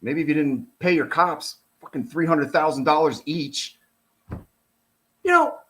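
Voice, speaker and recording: A man's voice: a little high, a little slow. A middle-aged man, a retired police officer, giving casual, blunt and profane commentary while reading through a report. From United States. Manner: blunt, profane, animated and heated.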